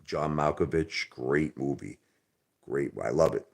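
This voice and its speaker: A man hosting a casual livestream, rambling and repeating himself, jumping from loud outbursts to low mutters and softening his swear words. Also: measured pace, creaky. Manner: minces swear words into euphemisms. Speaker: livestream host.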